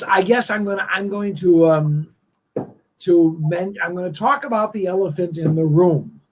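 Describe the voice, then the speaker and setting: A man hosting a casual live-stream chat show, rambling and emotional with many halting restarts. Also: high voice, low-quality recording. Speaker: host of a live online talk show.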